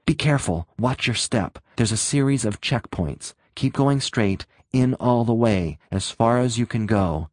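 A man's voice: mid-range voice, animated, a little slow, few pauses, darkish tone, dry recording, studio quality, lightly acted. A man doing a tense, urgent armed man. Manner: urgent, snapping, commanding.

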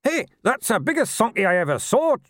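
A man's voice: high-pitched, sing-song, fast talker, dry recording, studio quality, pitched above the performer's own voice. A man voicing a tiny, nasty gnome. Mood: gleeful. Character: tiny nasty loud male gnome constable.

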